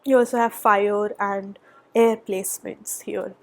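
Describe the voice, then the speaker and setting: A woman doing a pick-a-pile tarot reading, chatty and thinking aloud, with soft murmured asides and a nasal voice from a cold. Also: medium pitch, fairly even intonation, measured pace. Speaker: tarot reader. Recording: background noise.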